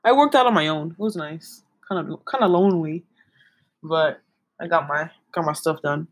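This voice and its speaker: A woman's voice: low voice, moderate pace, no echo. A young woman, a podcast co-host chatting casually and telling stories, with many giggles and a lot of "like.". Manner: giggly, storytelling with lots of "like". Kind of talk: casual chat.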